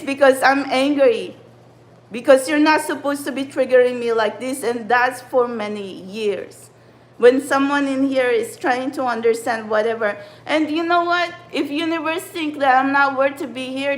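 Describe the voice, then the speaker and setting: Agitated woman ranting, high voice. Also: poor audio. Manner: agitated, profane, repetitive rambling. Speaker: spiritual channeler and vlogger. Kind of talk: angry spiritual vlog rant.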